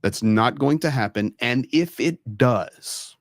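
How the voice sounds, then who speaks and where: A man's voice: mid-range voice, animated, slow pace, no echo, studio quality. A man hosting a casual talk show, telling stories in an emphatic way and repeating his points for stress. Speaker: host. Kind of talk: casual storytelling chat.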